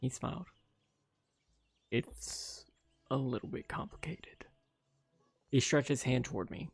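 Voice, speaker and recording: A man streaming a game, reading its story aloud with quick asides of his own. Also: mid-range voice, vocal fry, breathy edge, no room sound. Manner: narrates steadily, breaks off with quick asides. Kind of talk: reading a visual novel aloud with commentary.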